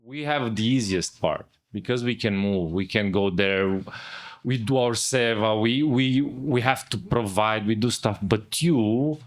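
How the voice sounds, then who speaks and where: A man's voice: fairly low pitch, unhurried. Earnest man talking casually. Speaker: father in a spiritual community. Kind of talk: casual conversation.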